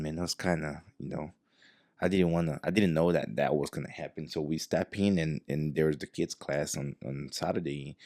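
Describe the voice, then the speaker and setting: A man tells a story in a low, gravelly voice, acting out every line of dialogue. The sound is close and dry, with no room around it. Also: no room sound. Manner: animated, acts out quoted dialogue. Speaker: jiu-jitsu professor, guest. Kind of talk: casual storytelling.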